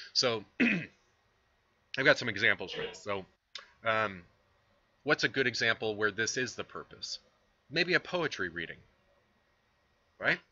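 A man's voice: on the low side, sharp tone, lo-fi sound. A man giving a casual recorded lecture on philosophy, explaining with fillers and conversational asides. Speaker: philosophy instructor.

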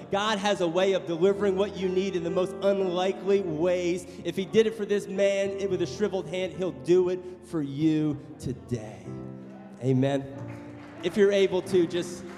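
A man preaching a sermon as pastor in a church, passionate, moving between loud exhortation and quiet storytelling. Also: high-pitched. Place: church sanctuary. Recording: long hall reverb with music behind.

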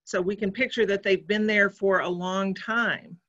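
A woman preacher giving a sermon in a church, speaking in a measured, reflective way. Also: medium pitch, fairly even intonation, fairly bright tone, lo-fi sound.

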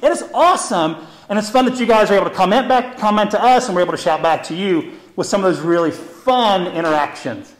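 A man hosting a live zoo education program, chatty and upbeat, explaining how animals are grouped with memory tricks. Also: high-pitched. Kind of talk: live educational stream, casual teaching. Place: indoor room at a zoo. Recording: echoey room.

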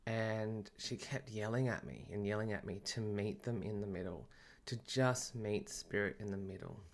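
A man's voice: lowish voice, moderate pace, a little hiss or hum. A man telling a personal story in a casual, chatty podcast monologue, often breaking into laughter. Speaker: medium and podcast host.

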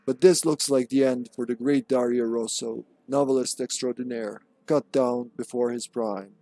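A self-pitying would-be novelist facing his end, as a man puts him on. He reads his last words in a melodramatic, mournful way, a touch higher than a plain speaking voice. The figure comes from a survival horror game. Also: steady tone, normal speed, mellow, no room sound, close to an everyday voice.

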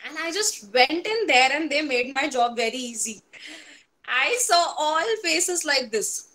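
Earnest Indian woman giving a motivational talk, high pitched. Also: expressive, measured pace, sharp tone. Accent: Indian English. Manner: earnest, storytelling, mixing in Hindi. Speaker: speaker on mind management.

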